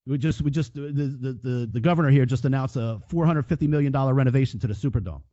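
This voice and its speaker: A man with a mid-range, dark-toned voice talks fast as co-host of a casual sports betting podcast. His talk is profane and meandering, full of restarts, and the dry audio sounds dull and lo-fi.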